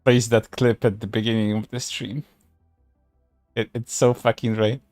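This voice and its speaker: A man's voice: fairly low pitch, flat delivery, normal speed, a little mellow, no echo, studio quality, faint music behind. A man streaming casual commentary, reading posts aloud in a sarcastic way, laughing and swearing often.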